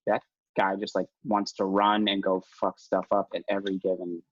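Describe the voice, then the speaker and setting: A man with a husky, breathy voice talks through a casual podcast chat, rambling and self-mocking, and he often restarts and laughs. The recording is dull and lo-fi, with a very dry sound and no room. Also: deep voice, flat delivery, normal speed, dry recording. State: new father. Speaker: podcast guest.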